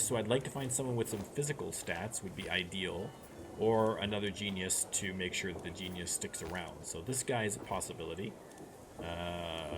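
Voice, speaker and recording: A man with a lowish voice gives casual commentary while he plays a strategy game. He muses aloud and often starts sentences over. There is clear noise behind him in the recording. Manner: musing aloud, chatty with frequent restarts. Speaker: let's play streamer. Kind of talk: gameplay commentary.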